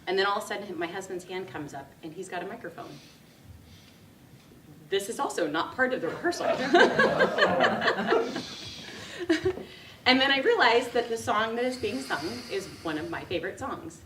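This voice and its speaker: A woman giving a speech, telling a personal story in a lively way and laughing often. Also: medium pitch, a little slow, long pauses, slight background noise. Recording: echoey room, mic from a distance.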